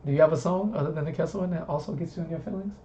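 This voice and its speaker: A man's voice: fairly high pitch, very fast, mellow. A man from the southern US hosting a casual talk stream, rambling easily and repeating words as he goes. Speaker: host. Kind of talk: casual chat. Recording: muffled stream audio with faint hiss.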